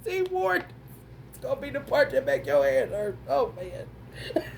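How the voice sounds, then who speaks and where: A gravelly, high-voiced woman works through a casual astrology reading slowly and deliberately, with a little hiss or hum in the audio. As a tarot reader, she's blunt, profane, and emphatic, talks directly to viewers, and keeps breaking into laughs and exclamations.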